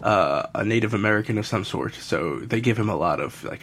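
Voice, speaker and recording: A man's voice: fairly low pitch, expressive, brisk, hardly any pauses, fairly bright tone, breathy edge. A man casually recapping a TV episode, rambling and laughing often. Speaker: podcast co-host recapping an episode. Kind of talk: casual chat.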